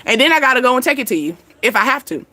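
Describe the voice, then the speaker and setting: A woman's voice: high-pitched, lively intonation, very fast, sharp tone, no room sound. A woman hosting her channel, giving casual advice to viewers in a chatty, blunt way, laughing often and swearing now and then. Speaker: channel host.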